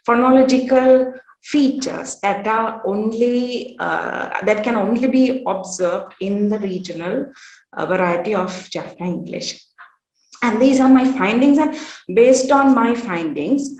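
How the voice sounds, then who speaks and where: A woman giving an academic workshop presentation at a conference. She speaks in a measured way, often pausing on "uh" and "um". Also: a little high, a little mellow, lo-fi sound. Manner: measured, with frequent "uh" pauses. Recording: roomy echo.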